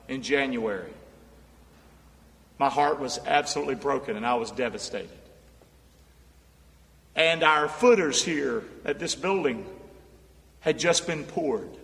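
A fairly high-voiced male pastor delivering a sermon, rallying the congregation to say lines back to him. He drops to hushed storytelling, then climbs to shouted peaks. His voice carries from a distance through a long, ringing hall. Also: creaky. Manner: calls on the crowd to repeat after him, swings from hushed storytelling to shouting. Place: large unfinished church building. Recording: echoey hall, voice from far off.

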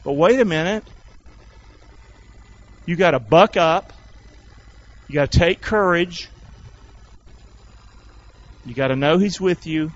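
A man preaching a sermon in a folksy, call-and-response way, swinging between shouted lines and low asides. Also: highs cut off. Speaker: pastor.

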